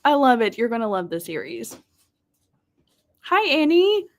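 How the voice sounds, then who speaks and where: A bubbly woman chats at a desk mic as she hosts a live reading stream, her voice swinging widely between high and low. She laughs easily, speaks warmly to viewers, and now and then slips into a soft whisper. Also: very animated, measured pace. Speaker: livestream host of reading sprints. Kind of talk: casual livestream chat, reading chat messages aloud.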